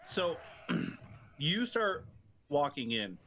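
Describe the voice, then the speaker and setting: A man's voice: a little high, big pitch swings, very slow, pushed and bright, slight background noise. A man running a tabletop game as dungeon master, laughing often and restarting his sentences. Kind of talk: narrating a tabletop game over voice chat.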